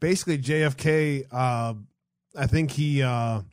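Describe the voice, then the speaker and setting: A man's voice: mid-range voice, fairly even intonation, a little slow, smooth, dry recording, studio quality. A man hosting a call-in show in loose, profane casual chat, laughing often.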